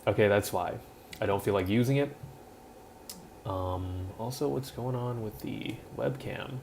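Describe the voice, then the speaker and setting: A man with a lowish voice chats casually on a live stream, half-mumbling to himself as he fiddles with settings. His throat is rough and he clears it often. A cheap built-in mic picks him up with a faint hiss behind. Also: a little slow, darkish tone. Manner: distracted, mumbling while fiddling with audio settings. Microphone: built-in webcam or laptop mic.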